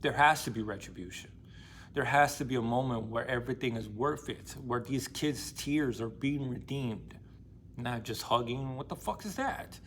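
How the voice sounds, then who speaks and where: Speaking at a normal speed in a medium-pitched, fairly bright voice, a young male book vlogger casually recounts and comments on a story. His delivery is slangy, blunt and emphatic, heavy on swearing, and there's a little hiss or hum in the recording.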